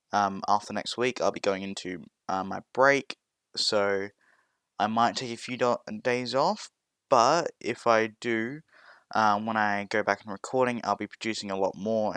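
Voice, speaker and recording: Low-voiced man narrating a fan story. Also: a bit bright, clean tone, no echo. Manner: rambling, with fillers and restarts. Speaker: storyteller and content creator.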